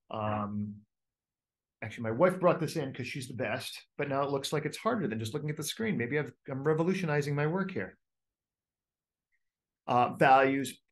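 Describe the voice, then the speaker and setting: A man coaching a group, talking casually with many fillers and restarts and acting out inner voices. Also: medium pitch. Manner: animated, acts out inner voices. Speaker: coach leading a group call. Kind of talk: casual teaching talk.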